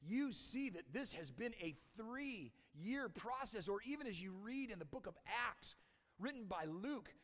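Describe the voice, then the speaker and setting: A man preaching a conversational sermon as a church pastor, often dropping to a hushed, intense tone. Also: high voice, big-room sound. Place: church sanctuary.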